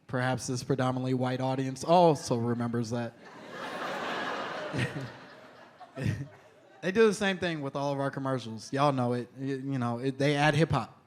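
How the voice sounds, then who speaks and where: A man performing a stand-up comedy set on stage, telling stories in an animated, conversational way. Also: medium pitch.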